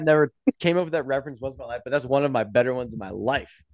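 A young man co-hosting a casual motorsport podcast, animated and quick to swear and laugh. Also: medium pitch. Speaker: podcast co-host. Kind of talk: casual chat.

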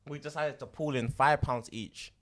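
A young man, co-hosting a podcast and telling stories in animated, slangy banter. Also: a little high, moderate pace, slight background noise. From Ivorian family. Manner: animated storytelling, London slang. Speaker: podcast co-host. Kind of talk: casual banter.

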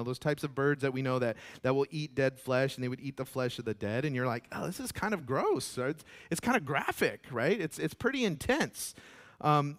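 Male pastor, sermon, animated delivery with repeated words, a touch higher-pitched than most men.

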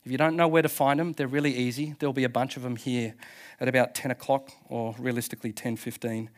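A man's voice: medium pitch, fairly even intonation, fast talker. A man preaching a passionate sermon as pastor at a church service, emphatic, with restarts and laughs.

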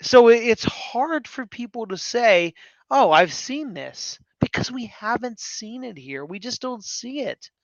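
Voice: mid-range voice, animated, unhurried, no echo. A co-host in a casual live audio chat, talking bluntly and animatedly with some swearing. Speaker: podcast co-host. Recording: dry, dull lo-fi online audio.

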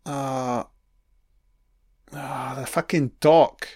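A man's voice: medium pitch, fairly even intonation, very slow, a little mellow, husky, no room sound, studio quality. A man giving a crude, mocking running commentary on a film, swearing heavily as he reacts.

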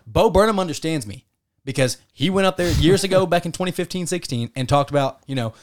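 A man's voice: on the high side, expressive, fast. A man ranting indignantly and profanely as a sports podcast co-host. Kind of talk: casual podcast rant.

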